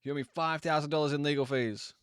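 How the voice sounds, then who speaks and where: A man's voice: a little high, steady tone, clean tone, dry recording. Laid-back man, dry sound. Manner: chatty, easygoing, quick apologies and asides. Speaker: livestream host. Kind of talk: casual stream chat with viewers.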